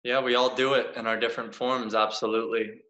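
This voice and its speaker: A man's voice: medium pitch, level tone, a little fast, fairly bright tone, lo-fi sound. A man hosting a conversational interview, asking reflective, supportive questions. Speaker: podcast host. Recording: roomy echo.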